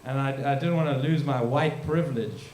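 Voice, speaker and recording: A man's voice: medium pitch, normal speed, noisy background. A young man from South Africa doing a crude, rambling, self-deprecating stand-up set on a live stage into a handheld mic. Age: young adult. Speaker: stand-up comedian. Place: large room or hall, live stage. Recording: echoey hall.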